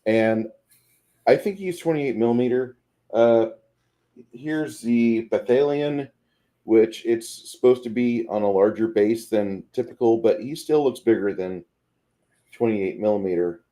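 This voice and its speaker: A man's voice: medium pitch, unhurried, warm tone. A man on a video call reading viewer comments and showing miniatures while chatting casually. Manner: reads viewer comments, shows figures on camera. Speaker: co-host. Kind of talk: casual chat about miniatures. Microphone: video call webcam.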